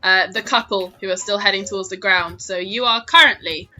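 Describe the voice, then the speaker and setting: A woman's voice: mid-range voice, fairly quick, sharp tone. A woman narrating as dungeon master of a tabletop game, laughing often as she talks.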